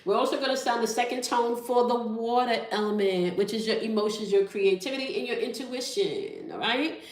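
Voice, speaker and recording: A woman's voice: a little high, animated, normal speed. A woman hosting a spiritual tarot reading, talking straight to her viewers and checking in often with "all right?" and "okay?". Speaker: tarot reader and channel host. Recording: echoey room.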